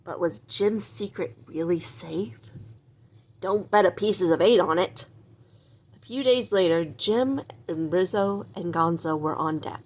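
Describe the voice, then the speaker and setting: A woman's voice: lowish voice, unhurried. Woman reading a children's book aloud. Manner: expressive, animated storytelling. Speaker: storybook reader.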